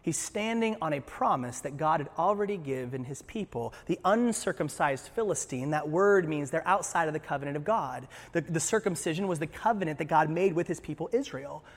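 Animated male preacher, high voice, acts out scripture; long church reverb. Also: fairly quick, hardly any pauses. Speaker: pastor. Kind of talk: sermon.

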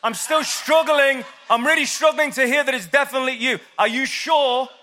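A man's voice: very high-pitched, normal speed, sharp tone, voice pushed up. A man voicing an anxious male disciple who keeps stalling and begging for confirmation, in a comic, pleading manner. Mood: nervous pleading. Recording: long hall reverb.

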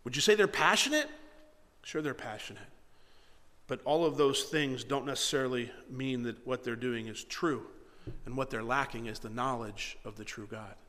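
A man preaching a sermon, reading scripture and swinging between quiet reading and loud, mocking asides. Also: mid-range voice, normal speed, big-room sound. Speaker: pastor.

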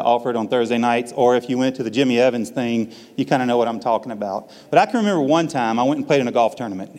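A man's voice: medium pitch, darkish tone, in a large hall. A man giving a personal testimony at church, telling a story in a folksy, self-deprecating way.

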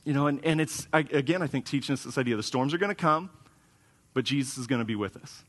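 A man's voice: medium pitch, fast talker, fairly bright tone. A man preaching a conversational sermon as a pastor, casual and wry, with frequent restarts, in a church sanctuary. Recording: long hall reverb.

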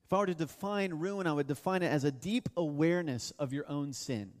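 Pastor, male, high voice, earnest emphatic sermon, recorded with long church-hall reverb. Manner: earnest, emphatic preaching with slow drawn-out stresses.

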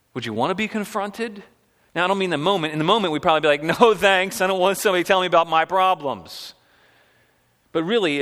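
A male pastor delivers a sermon in a relaxed, talky way, building his points through question after question. His voice is bright and sits a little high for a man. The sound carries a long reverb, as if from a large hall. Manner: conversational, rhetorical questions, animated.

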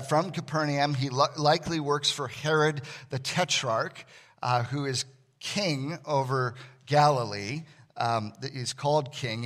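A man preaching a sermon as a pastor, conversational and animated, acting out the voices he quotes. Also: medium pitch.

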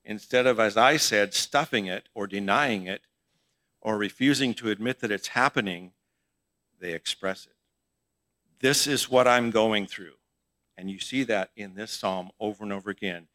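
A man's voice: on the low side, normal speed, pushed and bright, dry recording. A middle-aged male pastor giving a conversational sermon in church, asking his congregation questions as he teaches.

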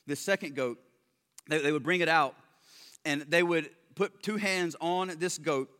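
A man preaching a sermon, swinging between loud emphatic stresses and quiet low asides, with joking remarks. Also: a little slow, smooth. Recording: long hall reverb.

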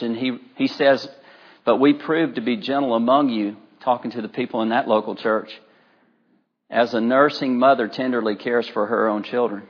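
A middle-aged man preaches to his congregation in a loose, chatty way, leaning on stories and filler words. His voice sits at an ordinary middle pitch. The recording is a little dull and muffled. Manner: conversational, anecdotal, with frequent fillers. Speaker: pastor. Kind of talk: sermon.

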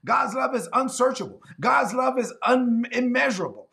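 A man preaching a sermon, emphatic, repeating key lines slowly and acting out quick little dialogues. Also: very high voice, expressive, vocal fry, bright, forceful tone. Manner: acts out quick back-and-forth dialogues.

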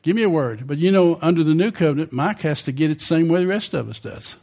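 A man's voice: a little high, fast talker, vocal fry, darkish tone. An older man preaching a sermon in a conversational way, often asking the congregation questions.

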